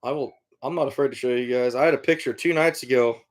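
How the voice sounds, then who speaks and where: A man's voice: medium pitch, quick pace. Easygoing middle-aged man chatting on a livestream. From Iowa. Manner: easygoing, rambling, with frequent fillers. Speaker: livestream host, trapper and hunter. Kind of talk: casual livestream chat answering viewer comments.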